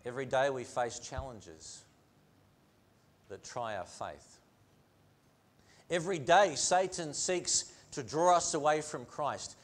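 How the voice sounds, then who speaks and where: In a church sanctuary, a male pastor preaches a sermon earnestly, leaning on repeated phrases and rhetorical questions. His voice is medium-pitched and slow.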